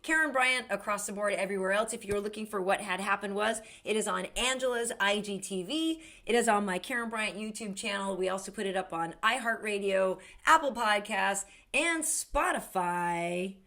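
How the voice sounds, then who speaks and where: A woman's voice: medium pitch, normal speed, few pauses, bright, forceful tone. A woman hosting a casual podcast chat, talking in a chatty, emphatic way and laughing easily. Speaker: podcast host, sports anchor.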